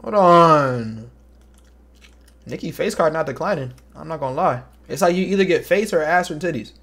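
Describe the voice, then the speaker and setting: A man's voice: on the high side, lively intonation, moderate pace, fairly bright tone. A young man streaming, chatting casually in slang with joking, muttered asides to his chat. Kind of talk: casual livestream commentary.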